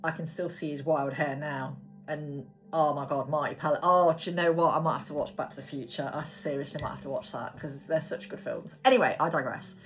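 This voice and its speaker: A woman's voice: low voice, a little fast, hardly any pauses, soft background music, low-quality recording. A woman spiritual coach talking frankly and emphatically to camera, swearing freely. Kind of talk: casual monologue to camera.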